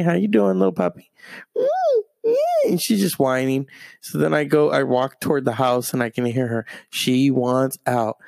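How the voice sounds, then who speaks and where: Gravelly young guy rambling thru funny stories, wry asides, dry close sound. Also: medium pitch, darkish tone, dry recording. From half Mexican. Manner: meandering, self-interrupting, wry asides. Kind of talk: rambling comic storytelling.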